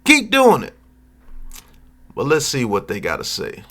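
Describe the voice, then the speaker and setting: A man hosting a sports talk channel, commenting casually on football news and reacting with drawn-out hums and asides. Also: mid-range voice, huge pitch swings, background noise.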